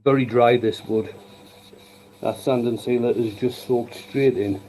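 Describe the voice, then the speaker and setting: A man's voice: medium pitch, fairly even intonation, measured pace, mellow, rough recording. A man hosting a live woodturning stream from his workshop, chatting casually and cracking wry jokes as he works. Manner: joking, wry, dry humour. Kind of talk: casual chat while working. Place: home workshop.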